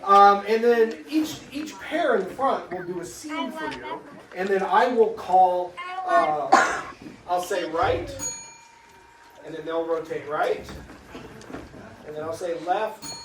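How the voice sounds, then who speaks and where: A man's voice: high-pitched, animated, takes it slowly, long pauses, a crowd in the background. A man hosting an improv show, casually explaining a game to a live audience in a theater. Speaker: improv host. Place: theater stage. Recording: roomy stage, far from the mic, noisy.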